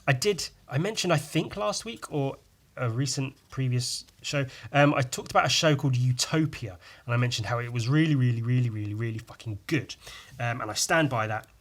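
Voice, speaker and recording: Rambling man podcasting alone. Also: mid-range voice. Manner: rambling, self-mocking, swearing. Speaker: podcast host. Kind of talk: casual solo chat.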